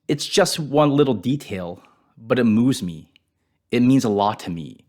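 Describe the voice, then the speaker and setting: A man giving a reflective devotional Bible teaching, dropping his voice softly on painful words. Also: mid-range voice, lively intonation, unhurried.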